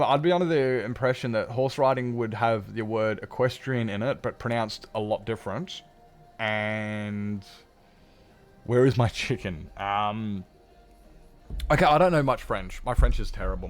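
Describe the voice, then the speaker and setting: A man talking to his chat during a live game stream. He rambles and jokes at a mid pitch and jumps up high when he greets people. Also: normal speed, soft background music. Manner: rambling and jokey, with sudden high excited greetings.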